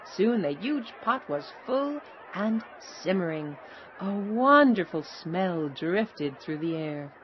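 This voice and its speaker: A woman reads a children's story aloud, slow and unhurried, her pitch rising and falling expressively. The recording sounds a little dull. A faint hiss sits behind her voice. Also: very animated. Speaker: narrator. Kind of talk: scripted storybook narration.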